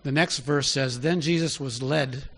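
A man's voice: mid-range voice, unhurried, a bit bright, slightly rough. A man preaching a sermon in an easy, conversational way, often asking his listeners direct questions.

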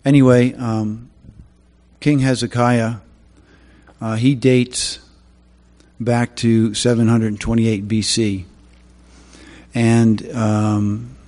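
In a large hall, a preacher with a mid-range, somewhat mellow voice opens his sermon with prayer. He then tells Bible stories haltingly, using many fillers.

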